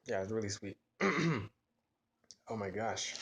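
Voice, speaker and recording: A man's voice: on the low side, slow. A man casually taste-testing desserts for his vlog, reacting with lots of exclamations and fillers. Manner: relaxed, filler-heavy reactions with frequent exclamations. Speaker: food vlogger.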